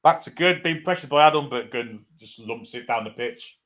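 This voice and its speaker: A man's voice: medium pitch, lively intonation, moderate pace, fairly bright tone. A man giving live fan commentary on a football match, irreverent, swearing freely and reading out viewer comments.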